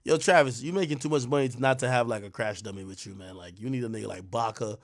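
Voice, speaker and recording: A man's voice: medium pitch, fast, over loud music. A man hosting a live stream, giving casual, rambling commentary full of profanity and trash talk. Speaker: livestream host.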